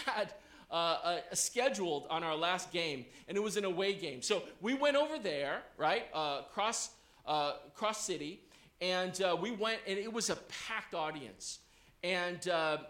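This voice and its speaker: Male pastor, high bright voice, lively storytelling sermon, roomy church hall sound. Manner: animated, checks in with the audience.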